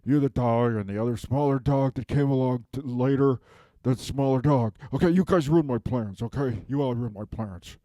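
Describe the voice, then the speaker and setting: Acting out a comedic self-tape, a man voices a bitter villain griping that his cover is blown, wandering through complaints punctuated by "okay?". He speaks at normal speed in a warm, mellow, medium-pitched, everyday-sounding voice, captured close and dry without echo, sounding whiny and aggrieved.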